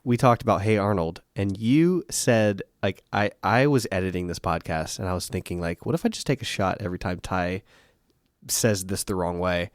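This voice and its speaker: A man's voice: low-pitched, moderate pace, no room sound, clean studio sound. A man hosting a podcast in a playful, jokey casual chat. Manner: playful, jokey, laughing often. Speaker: podcast host.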